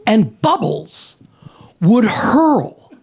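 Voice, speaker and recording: A man doing a stand-up routine with a slow, drawn-out deadpan delivery. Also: high-pitched, creaky, slightly rough. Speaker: stand-up comedian. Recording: live club audience laughing.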